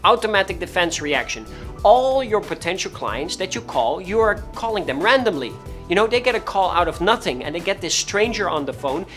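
A man gives an instructional talk on cold calling to real estate agents. His delivery is animated and emphatic, and he hammers his key points home by repeating them. Faint music plays behind him. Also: sits high, fairly quick. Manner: acts out callers' voices. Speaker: real estate sales coach.

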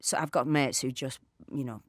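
A woman's voice: extremely low pitch, moderate pace, breathy edge, dry recording, studio quality. A woman, an actor chatting as a podcast guest and acting out the voices in her stories. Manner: animated storyteller, acts out quoted voices. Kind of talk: casual interview chat.

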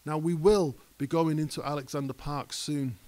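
Fairly high-voiced preacher. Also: male voice, steady tone, normal speed, darkish tone. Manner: conversational preaching, builds to emphatic peaks. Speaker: pastor. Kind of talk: sermon. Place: church hall.

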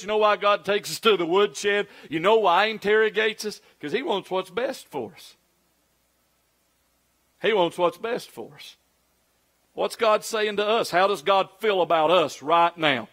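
A man's voice: sits high, a bit bright. A man, a pastor preaching a conversational sermon full of rhetorical questions.

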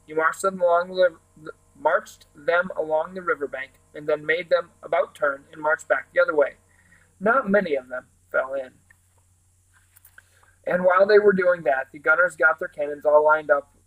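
A man reading a storybook aloud with steady, animated delivery and a few small restarts. His voice sits fairly high for a man. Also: rough recording. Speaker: reader.

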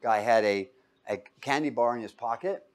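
In a medium-pitched voice at a moderate pace, a man gives a lecture to his class. He quizzes the students by leaving blanks for them to fill, and livens things up by voicing quotes in character.

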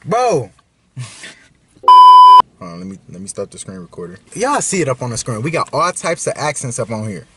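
A young man hosting a casual prank vlog, loud and profane in his banter. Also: medium pitch, very animated, brisk, background noise. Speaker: vlogger.

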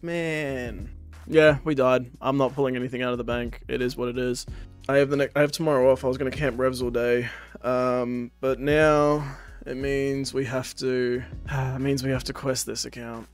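A man's voice: mid-range voice, gravelly. A man giving casual, profane, rambling commentary to viewers while playing a game. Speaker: gaming commentator.

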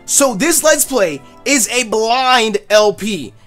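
A young adult host narrating a let's play, loud and hyped, swearing often over the game. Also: mid-range voice, animated, slow pace. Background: faint game music.

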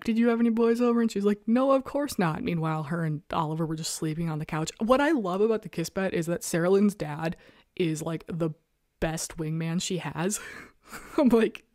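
A woman hosting a casual talk show, chatting about comics in an animated, self-mocking way and laughing often. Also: on the low side, dry recording, studio quality. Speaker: podcast host reviewing webcomics. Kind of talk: casual chat. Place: rural home.

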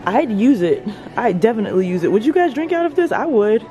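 Brief: excitable woman shopping vlogger, handheld phone, faint store music behind. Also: a little high, brisk. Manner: gushing, excitable, addresses viewers as y'all. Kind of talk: shopping vlog narration. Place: large store indoors.

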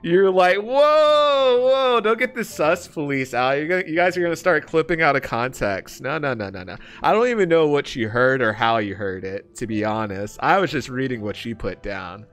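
A man streaming a game live, bantering with his chat, laughing often and getting loud and defensive when teased. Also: medium pitch, lively intonation, a little fast, hardly any pauses, faint music behind.

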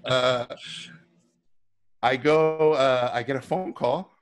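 On a live video talk, a middle-aged guest tells lively, casual stories, mimicking the voices of others and cursing freely. His medium-pitched voice stays steady in tone, and he speaks slowly.

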